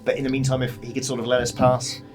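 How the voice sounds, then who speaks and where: A man's voice: mid-range voice, monotone, quick pace, a little mellow, soft background music, lightly acted. A man voicing a nervous young woman who pilots a boat, stammering and hesitant.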